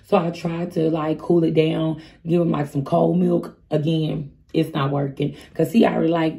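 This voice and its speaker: A woman's voice: low voice, steady tone, moderate pace, gravelly, hardly any pauses, mellow. A woman in her thirties telling a storytime vlog in casual chat, candid and chatty, speaking straight to her viewers. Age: 30s. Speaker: vlogger.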